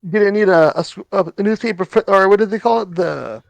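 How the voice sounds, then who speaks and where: Tabletop player, man, high gravelly voice, dry mic. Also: no room sound. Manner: casual, halting, laughing. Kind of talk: casual chat.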